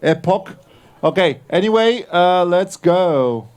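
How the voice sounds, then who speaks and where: A man hosting a live event, casual and halting, with many fillers and restarts. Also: fairly high pitch. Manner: halting, filler-heavy, self-correcting. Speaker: event host introducing entries.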